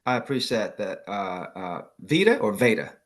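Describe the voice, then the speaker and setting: An upbeat man from Chicago speaks in a lowish voice on a video call. He is earnest and motivational, with a few ums between thoughts. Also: big pitch swings, normal speed. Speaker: guest speaker. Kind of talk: casual talk, motivational.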